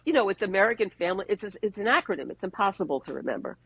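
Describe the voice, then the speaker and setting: Gravelly, husky woman telling stories. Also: medium pitch, very fast, dry recording, rough recording. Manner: animated anecdotes with wry jokes. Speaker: advertising executive guest. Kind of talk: conversational storytelling. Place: podcast interview.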